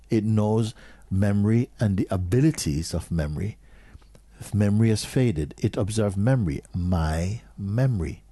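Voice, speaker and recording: A man giving a slow, questioning spiritual talk to an audience, sometimes dropping to a near whisper. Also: lowish voice, lively intonation, warm tone, slightly rough, no room sound. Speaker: spiritual teacher.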